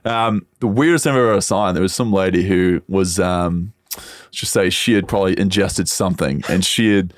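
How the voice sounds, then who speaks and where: A man's voice: deep voice, normal speed, no room sound, studio quality. A young man from the United States with a mixed American and Australian accent, telling stories loosely in casual chat full of fillers. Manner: laid-back storyteller, lots of fillers. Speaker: podcast host.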